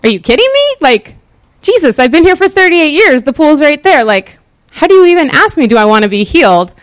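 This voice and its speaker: A woman's voice: very animated, fairly quick, no room sound. A woman voicing an exasperated bedridden man who sounds incredulous and sarcastic. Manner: high-pitched, indignant, sarcastic.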